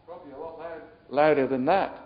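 Male preacher, high voice, storytelling building to shouted appeals, lo-fi recording. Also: brisk. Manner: builds from quiet storytelling to loud shouted exhortation. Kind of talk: sermon.

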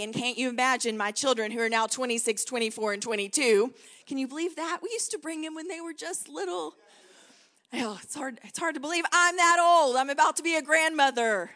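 A woman's voice: high-pitched, a little fast, sharp tone. A woman in her forties with a Texan accent, preaching as a guest pastor in an encouraging manner and leading the congregation in call-and-response. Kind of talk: sermon.

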